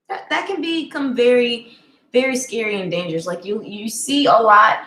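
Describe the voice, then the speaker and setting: A woman's voice: fairly high pitch, a little fast, a bit bright, roomy sound, slight background noise, low-quality recording. A woman chatting casually on a live stream, speaking heartfelt and straight to her viewers and answering their comments.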